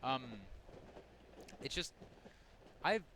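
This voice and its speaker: Drawing out his words, a young gaming channel host gives loose commentary while playing a horror game. He rambles, keeps restarting his sentences, and fills gaps with fillers, all against a noisy background.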